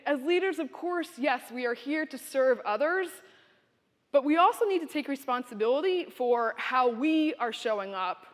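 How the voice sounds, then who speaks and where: A woman giving a motivational keynote speech at a university conference, telling stories and speaking directly to the audience. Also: sits high. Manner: storytelling, expressive, direct to audience. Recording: long hall reverb.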